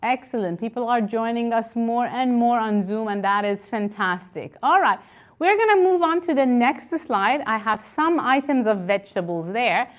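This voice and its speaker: A woman teaching an online English conversation class, encouraging and repeating words slowly for learners over a video call. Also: fairly high pitch, lively intonation.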